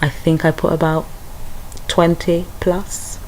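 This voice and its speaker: A woman's voice: fairly low pitch, little pitch movement, slow, darkish tone, a little hiss or hum, low-quality recording. A young British woman chatting through a hair care tutorial, talking straight to her viewers. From United Kingdom. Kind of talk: casual tutorial.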